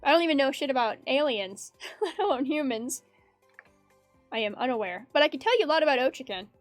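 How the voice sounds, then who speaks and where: A woman's voice: sits high, animated, a little fast, dry recording. A woman streaming her art, chatting casually in a rambling, giggly way and reading chat aloud. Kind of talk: casual chat while drawing. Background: faint background music.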